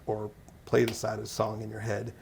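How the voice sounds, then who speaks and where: A man's voice: fairly low pitch, completely flat delivery, moderate pace, gravelly, a little mellow, slight background noise. A man talking casually as an interview guest, rambling and self-deprecating, laughing often. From Canada. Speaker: interview guest, actor and musician.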